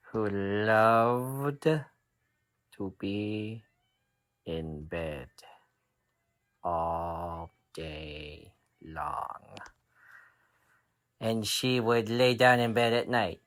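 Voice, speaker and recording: A man's voice: lowish voice, a bit bright. A man improvising a bedtime story, playful and rambling, breaking into giggles and shrieks.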